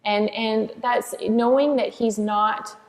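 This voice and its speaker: A woman with a gravelly, creaky voice tells her story earnestly and with emphasis, often restarting mid-sentence. Her voice rings out in a roomy church hall with a long tail of reverb. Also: a little high, fairly even intonation, takes it slowly. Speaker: author and interview guest. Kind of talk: heartfelt faith testimony in conversation.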